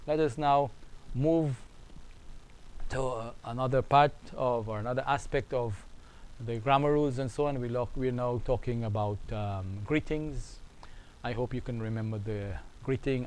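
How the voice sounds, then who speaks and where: A man teaching a beginners' Arabic lesson, speaking slowly and repeating phrases for the learner to copy. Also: mid-range voice, a little mellow, a little hiss or hum, poor audio. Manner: slow, repetitive, drills phrases aloud. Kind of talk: online language lesson.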